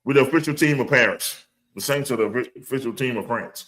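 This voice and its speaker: A man's voice: medium pitch, fast talker, a bit bright, rough recording. A man with a New Orleans accent, co-hosting a sports podcast in casual, profane chat, laughing often. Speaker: podcast co-host.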